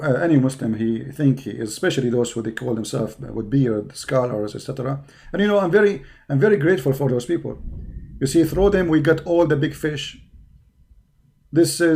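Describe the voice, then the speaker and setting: A hoarse man hosting a live stream, delivering a combative, mocking rant that taunts his opponents. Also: mid-range voice, warm tone. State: hoarse from hours of talking.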